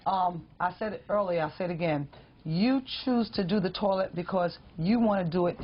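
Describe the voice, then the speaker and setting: A woman with a husky voice confronts a housemate head-on at a house meeting. The sound is slightly muffled broadcast audio. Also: lowish voice, fairly quick. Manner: confronting, direct. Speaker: reality show houseguest.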